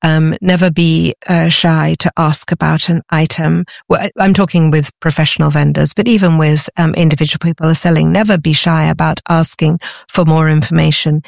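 A middle-aged woman being interviewed, chatty and enthusiastic, often pausing with ums as she explains. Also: low-pitched, level tone, vocal fry, a little mellow, no echo, clean studio sound. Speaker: guest, antiques author. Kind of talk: conversational interview.

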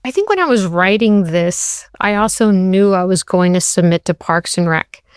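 A woman in her forties, a television writer being interviewed, telling animated anecdotes in casual conversation. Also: mid-range voice, moderate pace, smooth, no room sound, studio quality. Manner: animated, acts out quoted voices in her anecdotes. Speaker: TV writer and showrunner guest.

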